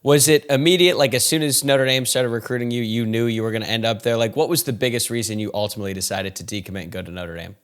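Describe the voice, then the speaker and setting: A man's voice: mid-range voice, steady tone, fast, hardly any pauses, clear, resonant tone. A man hosting a podcast, asking questions in a curious, conversational way. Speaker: podcast host, interviewer. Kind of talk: interview questions.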